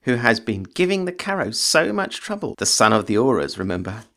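A man's voice: mid-range voice, sing-song, brisk, sharp tone. A man reading as a fawning witch follower.

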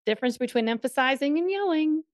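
A woman from the northern US co-hosting a podcast, chatting casually and quickly with frequent laughs. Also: high-pitched, lively intonation, no echo, studio quality. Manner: quick, laughing, emphatic talk. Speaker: podcast co-host. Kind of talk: casual chat.

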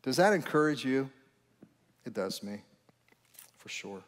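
A man's voice: mid-range voice, lively intonation, measured pace, a little hiss or hum. A man preaching as pastor, earnest and repeating his phrases, rising into fervent appeals as he invites people to pray. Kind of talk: sermon with altar call. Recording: long reverb with faint music.

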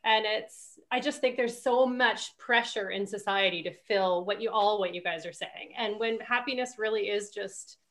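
A woman hosting a podcast, chatting casually with friends and telling stories quickly, with many restarts. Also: mid-range voice, fairly bright tone. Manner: rambling, fast storytelling with many restarts. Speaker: podcast host. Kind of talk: casual chat among friends.

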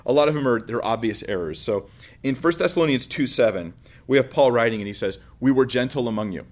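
A man's voice: mid-range voice, animated, fast. A man giving an informal lecture, explaining with everyday examples in a conversational way. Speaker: teacher.

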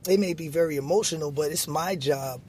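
A basketball referee appears as a guest in a casual conversation, explaining things earnestly and patiently and saying "you know" a lot. His voice is fairly high, a little mellow and fairly quick, with slight background noise.

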